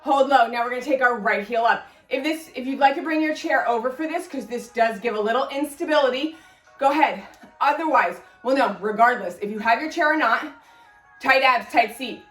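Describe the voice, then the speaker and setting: A woman's voice: high voice, brisk, echoey room, recorded from a distance, soft background music. A woman fitness instructor leading a guided workout, cueing form and counting reps in an encouraging way, a little out of breath.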